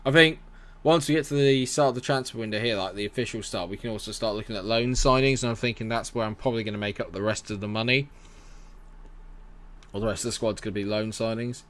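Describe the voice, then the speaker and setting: A man's voice: on the low side, fast, a bit bright. A young man casually commentating on his management game live and chatting with viewers, rambling and friendly in tone. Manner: chatty, rambling, reads chat aloud and answers it. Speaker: gaming streamer.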